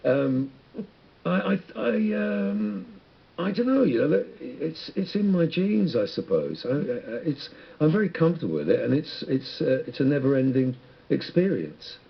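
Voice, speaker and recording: A man's voice: fairly high pitch, big pitch swings, normal speed, vocal fry, slightly rough, lo-fi sound. A man guest on a radio interview, speaking in a rambling, reflective way with many restarts. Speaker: musician guest.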